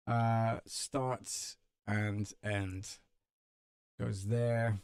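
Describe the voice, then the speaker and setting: A British man hosting a live stream, chatting in a relaxed, self-deprecating way. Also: on the low side, creaky, clear, resonant tone, no echo, studio quality. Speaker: live-stream host and voiceover artist. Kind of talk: casual chat on a live stream.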